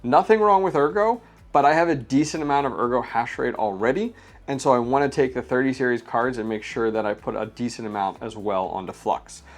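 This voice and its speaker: A man's voice: medium pitch, a little fast. A man hosting a casual unboxing vlog, chatting and explaining hardware step by step with frequent fillers. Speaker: crypto mining channel host.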